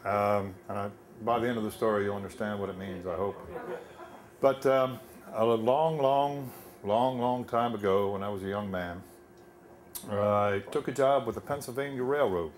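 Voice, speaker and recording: A man's voice: fairly low pitch, moderate pace. An older man telling a wry personal story live on stage, conversational with many fillers.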